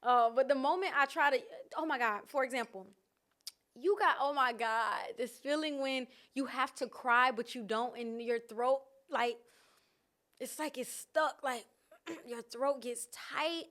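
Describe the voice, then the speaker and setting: High-voiced woman just chatting to camera, open and expressive, laughs a lot. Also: measured pace. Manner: candid and expressive, with frequent laughs and restarts. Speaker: vlogger. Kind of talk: casual reflective talk to camera.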